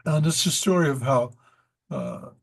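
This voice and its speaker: Slow, gravelly-voiced male teacher. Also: mid-range voice, wildly swooping pitch. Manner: rambling, with many fillers and asides. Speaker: teacher of a devotional study class. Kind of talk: unhurried spiritual class talk with stories.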